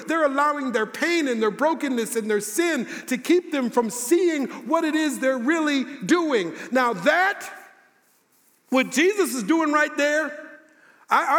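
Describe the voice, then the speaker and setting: A man preaching a sermon as a pastor, slowing down to repeat key lines with emphasis. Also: very high-pitched, a bit bright. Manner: preaching with slow emphatic repetition. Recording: long reverb of a large hall.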